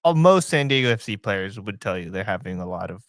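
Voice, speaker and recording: A man's voice: fairly low pitch, big pitch swings, fairly quick, a bit bright, no echo. A young man co-hosting a casual sports podcast, playfully riffing on jokes. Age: young adult. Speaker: podcast co-host.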